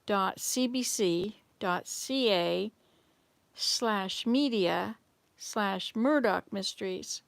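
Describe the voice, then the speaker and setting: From her home in Canada, an older woman runs a casual live chat, drifting through memories and responding to viewers' comments as she reads them. She speaks at medium pitch with drawn-out words and vocal fry, and there's no echo.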